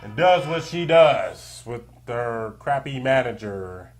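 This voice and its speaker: Male podcast co-host, casual chat, animated, breaks into acted-out quotes. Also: medium pitch, slow pace, music in the background. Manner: animated, acts out quoted wrestler lines.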